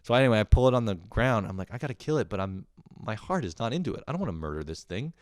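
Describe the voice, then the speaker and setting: A man's voice: lowish voice, lively intonation, fast, darkish tone, dry recording, clean studio sound. A young man telling a rambling, profane story in a casual monologue, often laughing at himself. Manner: rambling, swears a lot, laughs at his own stories. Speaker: podcast host.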